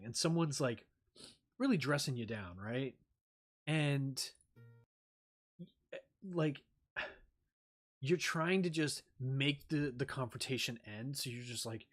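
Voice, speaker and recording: A man talking in a rambling casual chat as a streamer, swearing freely and using lots of fillers. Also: medium pitch.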